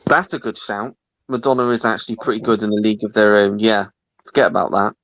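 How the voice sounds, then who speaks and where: A man's voice: fairly low pitch, fairly even intonation, fast talker, a bit bright, dry recording, lo-fi sound. A man hosting a casual livestream, reading viewer comments aloud and teasing his co-hosts. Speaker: livestream host reading chat.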